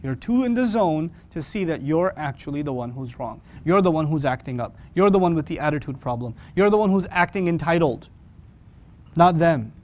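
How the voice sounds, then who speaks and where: A man with a slightly high voice teaches young adults the Quran, speaking at normal speed. His delivery is lively and humorous, and he drops into impressions of parents and teens as he goes.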